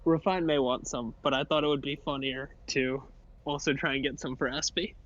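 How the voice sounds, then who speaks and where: A man's voice: mid-range voice, steady tone, normal speed, fairly bright tone, dry recording, highs cut off. A man playing in a tabletop game, talking casually and hesitantly to the game master. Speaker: player. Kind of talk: tabletop role-play chat.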